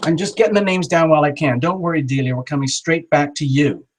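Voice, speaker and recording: A man's voice: fairly high pitch, fast talker. A man hosting a live tarot reading stream, talking in a chatty, encouraging way. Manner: warm, encouraging, chatty, with playful exaggerated voices. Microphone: small built-in camera mic. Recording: small camera on a poor live-stream connection.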